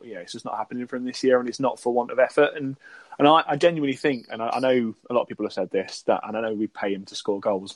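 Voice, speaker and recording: A man speaking as a guest on a fan podcast, rushing and restarting. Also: mid-range voice, no echo. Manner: rushed, with restarts. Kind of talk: casual fan podcast chat.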